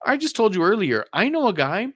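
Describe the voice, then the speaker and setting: A woman's voice: mid-range voice, big pitch swings, brisk. A woman co-hosting a podcast, bluntly giving her opinions with heavy swearing. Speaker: podcast co-host. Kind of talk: casual chat and opinion.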